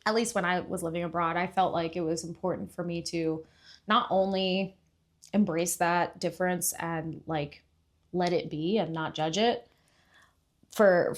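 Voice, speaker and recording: A woman from Puerto Rico, a podcast guest in casual chat, telling stories with lively jumps into acted-out voices. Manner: animated, acts out voices with big pitch jumps.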